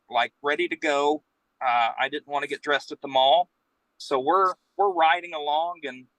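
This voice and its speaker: A man's voice: a little high, dry recording, low-quality recording. A man, rambling through an anecdote and acting out the quotes. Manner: rambling, animated storytelling with acted-out quotes. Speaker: guest storyteller, professional Santa. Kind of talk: casual anecdote telling.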